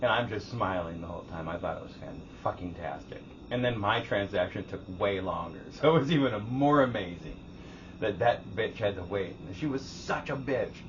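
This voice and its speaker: A man co-hosting a casual podcast, telling a story with a lot of energy. He acts out each person in it and swears freely. His voice sits low, and the recording sounds dull with a faint hiss. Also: expressive, moderate pace. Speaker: podcast co-host. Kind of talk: casual chat.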